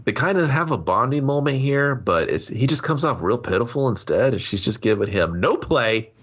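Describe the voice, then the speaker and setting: A man's voice: mid-range voice, expressive, normal speed, fairly bright tone, breathy edge. A man co-hosting a movie review podcast, talking casually and sarcastically with frequent swearing and laughs. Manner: profane, sarcastic, laughs often. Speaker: podcast co-host.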